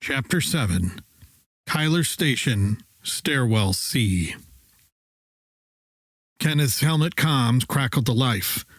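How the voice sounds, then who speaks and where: A man narrating a sci-fi sleep story in a soft, slow, soothing way. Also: mid-range voice, lively intonation, no echo.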